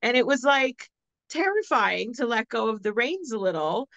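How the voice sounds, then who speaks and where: A woman, co-hosting a podcast and telling a story in a casual, animated way, laughing often. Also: a little high, moderate pace, no echo, muffled recording. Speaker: podcast co-host.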